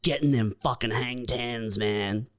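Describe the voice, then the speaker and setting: Laid-back podcast co-host, mid-pitched, resonant, halting musings. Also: male voice. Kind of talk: casual comedic podcast chat.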